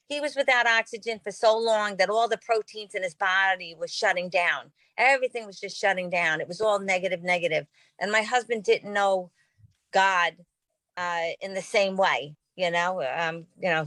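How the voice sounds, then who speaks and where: A woman in her fifties shares a heartfelt personal story on a podcast. Her voice sits at a middling pitch, and she talks in a rambling, earnest way, full of ums and restarts. The sound is dry and close, with no room echo. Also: a bit bright. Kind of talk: personal testimony in casual conversation.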